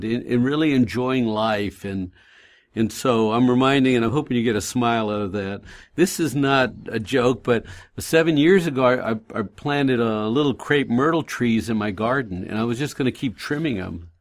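Man storytelling on faith radio. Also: mid-range voice. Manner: gentle pastoral storytelling. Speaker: radio show host. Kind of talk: Christian radio talk.

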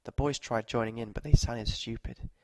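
A man reads short stories aloud in a mid-range voice, measured and steady. The recording is close and dry, with no room echo. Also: medium pitch. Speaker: narrator.

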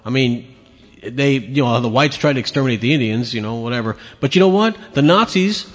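A man's voice: mid-range voice, animated, brisk, long reverb tail. Profane, sarcastic male podcast ranter. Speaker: podcast host. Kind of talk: opinionated solo rant.

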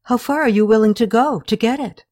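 A high, pleading young woman who is anxious and defiant toward her elders, as a woman reading an audiobook puts her on. She sounds upset, and her voice climbs well above the reader's own. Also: a little fast, a little mellow, dry recording, studio quality, natural voice.

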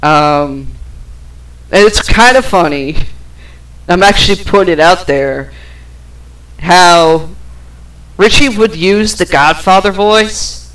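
Slow, rambling woman vlogger. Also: fairly low pitch, fairly bright tone, rough recording. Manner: frustrated, profane, rambling with fillers. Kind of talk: personal storytelling.

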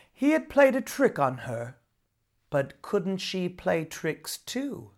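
A narrator reading a folk tale aloud in a storybook reading style. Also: medium pitch. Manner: expressive, slow storytelling.

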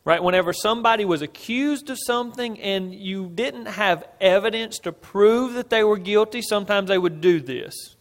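A man's voice: high voice, normal speed, hardly any pauses. A man preaching an expository sermon, telling a scripture story with earnest, building emphasis and asking his listeners "right?" as he goes. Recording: long reverb of a large hall.

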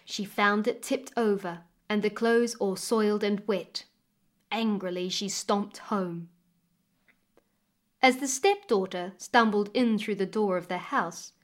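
A woman storyteller reading a folk tale aloud in a measured, expressive way. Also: medium pitch. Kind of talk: storytelling narration.

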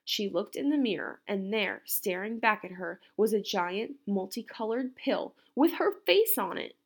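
Teacher lady reading a storybook out loud to kids, expressive, kinda gravelly voice. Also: mid-range voice, unhurried. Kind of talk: reading a picture book aloud.

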